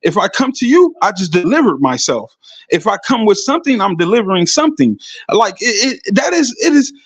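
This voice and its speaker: A man's voice: high-pitched, very animated, fairly quick, husky, no echo. A man in a heated debate who talks over others and repeats himself insistently. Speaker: debate participant.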